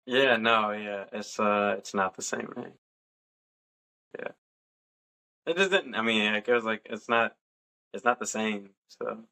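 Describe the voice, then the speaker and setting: A young adult man and podcast co-host, casually telling a personal story in a relaxed, chatty way and laughing along. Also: lowish voice, slow, creaky, long pauses.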